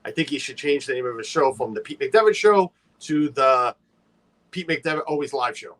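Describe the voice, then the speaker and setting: A man's voice: mid-range voice, animated, normal speed, a bit bright. A man hosting a casual livestream, chatty and playful, greeting viewers by name and teasing his co-host.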